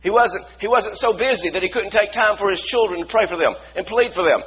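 A male pastor preaching a sermon, building from quiet storytelling to shouted praise. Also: sits high, fairly quick, muffled recording, a little hiss or hum.

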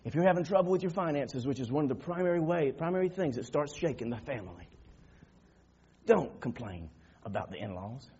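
A man preaching a sermon, telling a story that swings from quiet murmurs to loud shouting. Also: fairly high pitch, expressive, a little fast, lo-fi sound, slight background noise.

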